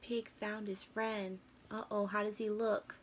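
A woman reading a picture book aloud to children, gently explaining the pictures as she goes. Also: mid-range voice, little pitch movement, measured pace, noisy background. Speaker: storybook reader. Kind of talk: children's read-aloud narration.

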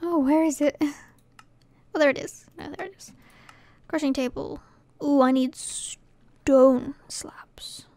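A woman's voice: high-pitched, steady tone, slow pace, a little mellow, no echo. A woman from Scotland commentating her gameplay casually, muttering to herself and often dropping to a whisper. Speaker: gaming channel host.

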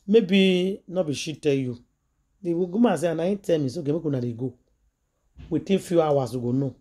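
A woman's voice: low-pitched, a little mellow, breathy edge. Emphatic Nigerian woman telling a story. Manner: emphatic, retells scenes by acting out quoted voices. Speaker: vlogger. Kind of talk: gossip storytelling to followers.

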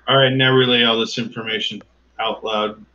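A man's voice: mid-range voice, flat delivery, normal speed, bright, forceful tone, slight background noise. Hesitant man playing a tabletop game. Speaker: player. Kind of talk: casual tabletop game talk. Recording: dull lo-fi voice chat audio.

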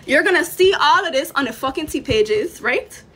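A woman's voice: high voice, animated, normal speed, bright, forceful tone. A young woman with a Virgin Islands accent, ranting on a livestream in a furious, profane, threatening way. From Saint Thomas, US Virgin Islands. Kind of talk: heated livestream rant.

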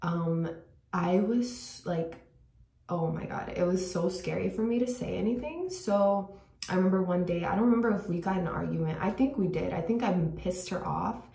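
A woman's voice: fairly low pitch, normal speed, creaky, mellow, distant mic. A young woman telling a personal story to her viewers in casual chat, full of "like" fillers and sometimes dropping to a whisper, recorded in a bathroom at home. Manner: chatty, many "like" fillers, drops to a whisper at times. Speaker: vlogger. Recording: echoey room, voice a bit off-mic.

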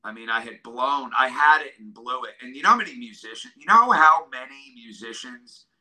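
A middle-aged man from New York State, talking in an interview about hard times in an earnest, halting way that keeps getting emotional. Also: medium pitch, expressive, pushed and bright, slight background noise, rough recording. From New York State, USA. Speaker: drummer and guest.

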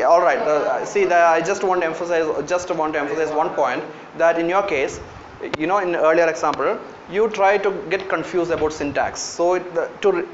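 A man with an Indian English accent lectures a classroom in a high voice, drawing students in with frequent fillers and questions. The sound is lo-fi and roomy, with a faint hiss behind it. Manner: coaxing, calls on students, many fillers. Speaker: university lecturer teaching Japanese. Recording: echoey lo-fi classroom recording.

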